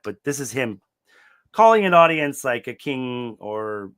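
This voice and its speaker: A young man co-hosting a book podcast in casual chat, laid-back and swearing freely, acting out quotes with sudden loud yelps. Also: medium pitch, very animated, measured pace, clean tone. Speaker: podcast co-host recapping a book series.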